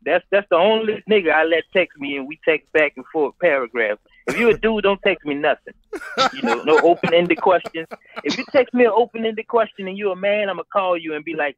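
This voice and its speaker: A man co-hosting a casual podcast, ranting in an animated, profane way with lots of repeated fillers. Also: high-pitched, a little fast. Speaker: co-host. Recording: muffled with loud crowd noise.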